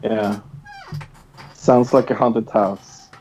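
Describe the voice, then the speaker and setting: A man's voice: lowish voice, fairly even intonation, drawn-out words, mellow, faint music behind. A man co-hosting a podcast in casual chat, hesitant and full of fillers and restarts. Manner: hesitant, full of filler sounds and repeated words. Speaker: podcast co-host. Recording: dull lo-fi recording.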